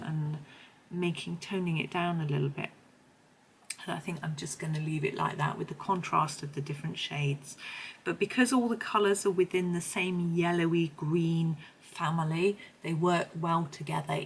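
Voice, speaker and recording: A woman with a hoarse voice, chatting her way through a colouring tutorial in a meandering, self-correcting manner. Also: fairly low pitch, a little hiss or hum, poor audio. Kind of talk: casual tutorial narration.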